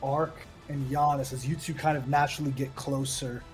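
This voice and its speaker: A man narrating a tabletop game as game master in a descriptive, measured storytelling manner. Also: mid-range voice, steady tone, soft background music.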